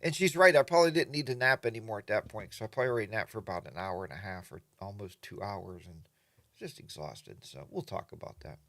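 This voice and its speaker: A man's voice: lowish voice, quick pace, a bit bright, dry recording. A man hosting a casual morning livestream from his home studio, greeting viewers by name and rambling along with plenty of fillers. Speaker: livestream host.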